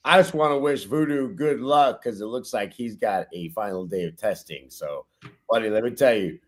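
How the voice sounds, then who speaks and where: A man's voice: on the low side, moderate pace. A man co-hosting a casual motivational podcast, giving emphatic pep-talk advice. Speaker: podcast co-host.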